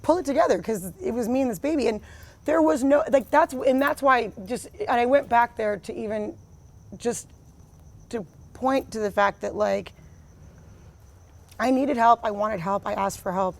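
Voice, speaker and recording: A woman's voice: fairly high pitch, moderate pace, vocal fry. A woman in her thirties, a guest in a candid interview, talking bluntly and emphatically, full of "like" and "you know". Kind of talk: candid personal conversation.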